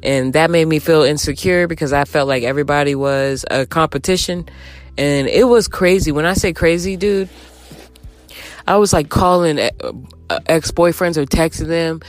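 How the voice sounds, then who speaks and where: A young woman telling a candid storytime to her viewers, chatty and animated, acting out quotes as she goes. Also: deep voice, normal speed, soft background music. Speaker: vlogger. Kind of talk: casual storytime.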